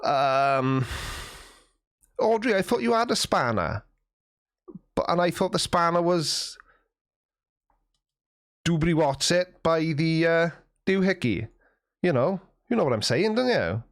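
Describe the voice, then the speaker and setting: A man's voice: a little high, expressive, slow pace, pauses often. A man hosting a casual livestream, reading chat messages aloud and answering them with wry, self-mocking banter.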